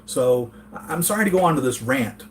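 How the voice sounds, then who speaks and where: A man's voice: medium pitch, lively intonation, fairly quick, slight background noise. A man from the United States hosting a casual live-chat vlog from his home, rambling earnestly and reading chat comments aloud. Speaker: toy collector channel host.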